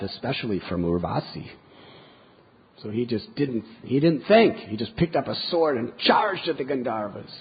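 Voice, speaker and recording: Guy teaching scripture, telling the story with feeling and pausing for lessons, really breathy husky voice, dull lo-fi audio. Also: medium pitch. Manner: vivid storyteller, moralizing asides. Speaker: spiritual teacher. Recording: dull lo-fi lecture recording.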